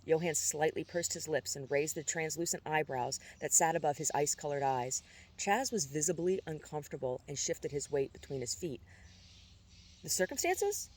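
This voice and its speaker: A man narrating chapters of a novel in a steady, even storytelling manner with small stumbles. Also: fairly high pitch, a little fast. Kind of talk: audiobook narration.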